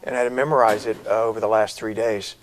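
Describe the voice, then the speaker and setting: A middle-aged man from South Carolina, an actor telling stories as a guest in an interview, with lively, varied delivery. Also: on the low side, fast talker, a little hiss or hum, rough recording. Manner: animated storyteller, varied delivery. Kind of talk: interview conversation.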